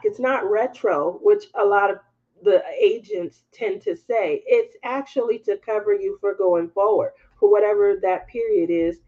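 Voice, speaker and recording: A woman hosting a craft livestream, telling a story to her viewers in candid, animated casual chat and laughing as she goes. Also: mid-range voice, muffled recording.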